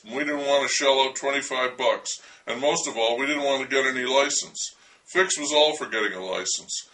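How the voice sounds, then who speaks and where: Male storyteller, wry and dryly humorous, bright tone, set back from the mic. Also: medium pitch, distant mic, rough recording. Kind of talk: storytelling memoir narration.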